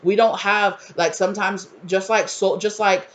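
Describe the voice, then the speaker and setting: An effusive woman gives a collective tarot reading. She talks in a middle pitch with a close mic. She rambles and restarts, stacks up fillers, and turns emotional when she talks about spirit. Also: fairly even intonation, normal speed. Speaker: tarot reader.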